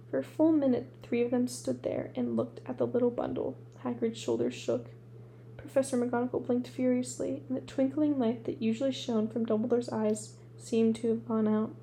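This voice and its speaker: A woman reading a storybook aloud at a steady pace, restarting a word now and then. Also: fairly high pitch, vocal fry, slight background noise. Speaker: audiobook reader.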